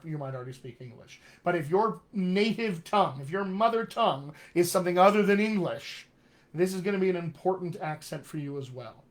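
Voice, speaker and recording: A man coaching actors lesson, upbeat and encouraging, talking straight to his viewers as friends. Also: a little high. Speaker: dialect coach. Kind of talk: live-streamed accent lesson.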